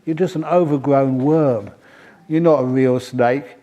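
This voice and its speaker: A man's voice: mid-range voice, fairly even intonation, unhurried, mellow, lo-fi sound, natural voice. A man doing mocking naughty kids. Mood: taunting. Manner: mocking, taunting. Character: naughty young kids taunting a snake.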